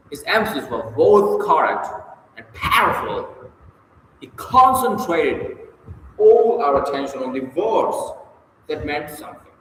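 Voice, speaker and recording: A man reading a book on public speaking aloud, measured and stressing key words with sharp jumps in pitch. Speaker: audiobook reader. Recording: very echoey room, long reverb, faint hiss.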